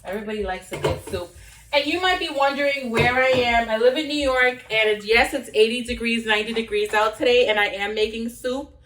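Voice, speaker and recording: A slightly high, somewhat bright female voice talks briskly over slight background noise. She is a young cooking vlogger chatting casually while cooking at home, rambling with fillers and restarts, and the recording is roomy and distant.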